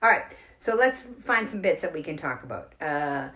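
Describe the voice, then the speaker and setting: Casting: middle-aged Boston woman, low-ish voice, rambling stand-up comic greeting her viewers. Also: big pitch swings, normal speed, pushed and bright. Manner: chatty, rambling, greets viewers by name mid-story. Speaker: comedian hosting a livestream. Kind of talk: casual stand-up storytelling to live viewers. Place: home during lockdown.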